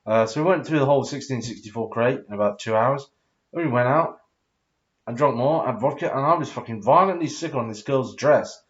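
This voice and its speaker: A man's voice: medium pitch, fairly quick, lo-fi sound. A tipsy man in his thirties telling a rambling, sweary story full of fillers and hesitations. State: tipsy after drinking. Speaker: vlogger.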